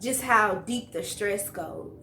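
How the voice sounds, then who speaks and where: A woman hosting a casual interview, animated and slangy, laughing often. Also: mid-range voice, slow, gravelly, echoey room, soft background music. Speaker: host.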